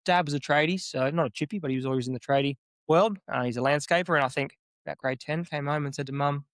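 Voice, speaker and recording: An Australian man in his thirties, a builder, telling his story in an easygoing, relaxed interview chat. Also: fairly high pitch, quick pace, no echo. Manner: laid-back, easygoing, with many fillers. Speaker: builder, podcast guest.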